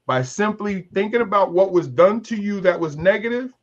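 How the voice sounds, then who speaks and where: A man in his fifties leads a candid panel talk, making his points through stories and by acting out other people's voices. His voice sits a little high for a man. The stream audio is dull and lo-fi. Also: animated, moderate pace. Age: 50s. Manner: storytelling, acts out voices of others. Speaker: talk show host.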